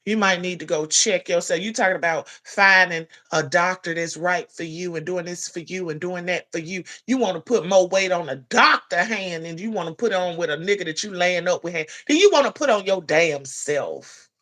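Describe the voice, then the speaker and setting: A woman's voice: lowish voice, normal speed, few pauses, a bit bright. A woman giving a heated, profane commentary rant, blunt and scolding. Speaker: commentary vlogger.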